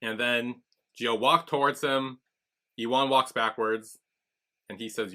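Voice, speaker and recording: Speaking slowly in a mid-range voice, this podcast co-host gives a casual rundown of episodes. He brings the recap to life by performing the characters' quoted lines.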